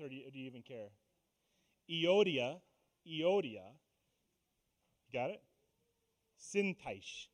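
Pastor type, male, higher-pitched voice, casual preaching style with wry asides to the congregation. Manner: conversational preaching with self-deprecating asides. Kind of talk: sermon. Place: church sanctuary.

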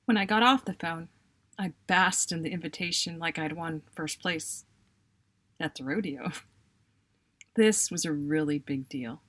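A woman, a writer, reading aloud her own funny personal story in an expressive, self-mocking way. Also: low-pitched, a little slow, pauses often.

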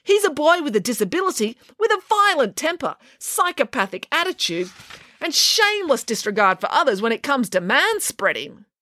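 A woman's voice: sits high, sing-song, moderate pace, sharp tone, no echo, voice pushed up, exaggerated voice. A woman voicing a sardonic, teasing schoolgirl in an audiobook. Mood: dry. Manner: dry, mocking.

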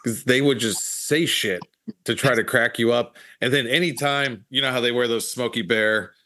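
A man hosting a casual podcast, reflecting on his time as a Marine in a relaxed, profane way. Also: mid-range voice, moderate pace, no echo, studio quality. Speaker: podcast host, Marine veteran.

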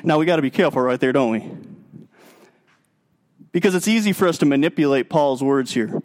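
Emphatic preacher, slightly high voice. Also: male voice, fairly quick. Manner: emphatic, swinging between raised and hushed delivery. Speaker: pastor. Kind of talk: sermon.

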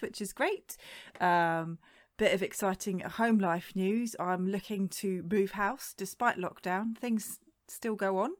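A woman's voice: medium pitch, dry recording, studio quality. A woman co-hosting a podcast in casual chat, cheerful and teasing. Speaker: podcast co-host.

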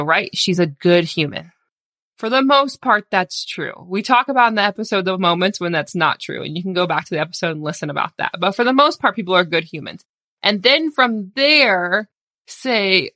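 A woman's voice: medium pitch, fairly bright tone, no echo, studio quality. A woman in her thirties hosting a solo podcast, talking candidly and encouragingly in a casual conversational way with lots of "like"s. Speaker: podcast host.

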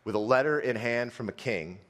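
In a large hall, a man with a medium-pitched voice preaches a sermon, dramatically retelling a story. He swings between fast, loud bursts and slow, hushed stretches.

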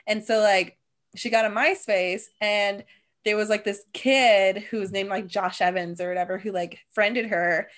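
A woman's voice: mid-range voice, steady tone, moderate pace, a bit bright. Young woman, podcast co-host, casual chat, filler-heavy storytelling. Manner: chatty storyteller, heavy use of "like".

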